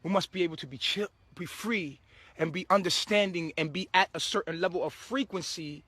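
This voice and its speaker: A man's voice: high-pitched, fairly quick, pushed and bright, dry recording. A man giving a casual spiritual monologue to his viewers, preachy and swearing freely, often breaking into laughter. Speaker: spiritual vlogger.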